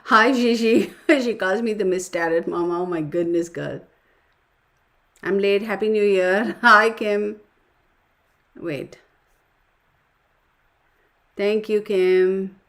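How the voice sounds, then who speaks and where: Woman host, casual live stream chatter, reads chat aloud, laughs a lot, mid-pitched voice. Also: slow, long pauses, a bit bright. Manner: reads comments aloud, laughs often, exclaims in surprise.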